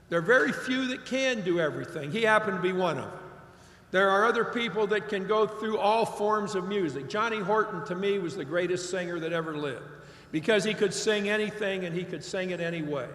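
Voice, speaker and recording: A man's voice: high-pitched, a bit bright. Older man in an echoey hall. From Ohio. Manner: folksy storytelling, emphatic. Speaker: commencement speaker. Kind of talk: commencement speech. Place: large graduation venue.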